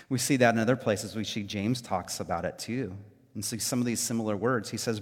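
A man preaching a sermon as pastor, talking in a loose, conversational way with lots of fillers and lively storytelling. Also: on the low side, fairly quick, breathy edge, long reverb tail.

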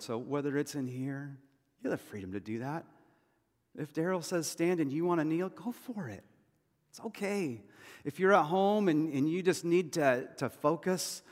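A man preaching a sermon as pastor, talking in a loose, conversational storytelling way with asides and repeated phrases. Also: medium pitch. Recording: long hall reverb.

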